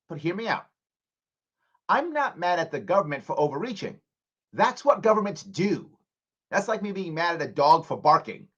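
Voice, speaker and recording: A man hosting a live call-in radio show, his voice leaping up and down in pitch as he hammers home his points. He drops to hushed lines, then punches back up loud. The sound is dull and lo-fi, like an AM broadcast. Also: slightly rough. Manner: emphatic, animated, preacherly swings between loud and hushed. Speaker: radio talk show host.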